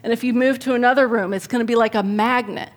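A middle-aged woman preaching a sermon to a church, chatty and animated, often tagging her points with "right?" and laughing at her own stories. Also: fairly high pitch, fast. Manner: conversational, tags points with "right?". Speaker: speaker at a church service.

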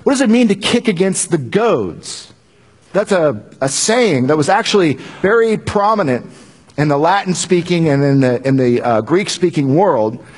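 A man's voice: fairly high pitch, animated, normal speed, husky. A male pastor giving a conversational sermon, joking with the congregation and often restarting his sentences.

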